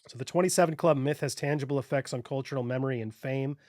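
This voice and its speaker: A man's voice: mid-range voice, fast talker, darkish tone, no room sound, clean studio sound. A man hosting a casual podcast, reading his research notes aloud and joking between points.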